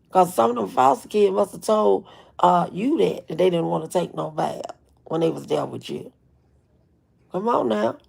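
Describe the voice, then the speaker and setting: Woman, AAVE speech, very gravelly, dark mellow tone, blunt live-stream commentary. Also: mid-range voice. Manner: blunt, emphatic, repeats herself; greets chat viewers by name. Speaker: livestream host.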